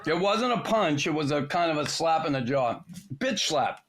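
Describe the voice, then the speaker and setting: Older man, podcast host, blunt and profane, slightly high voice. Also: animated, normal speed. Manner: blunt, profane, gruff storyteller. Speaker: podcast host, former hockey enforcer. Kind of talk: casual chat, crude storytelling.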